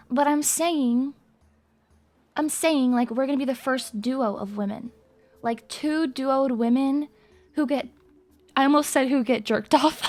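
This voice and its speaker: A young woman streaming live, chatting in a hyper, rambling and crude way with her viewers. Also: on the high side. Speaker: VTuber streamer. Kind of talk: casual live-stream chat.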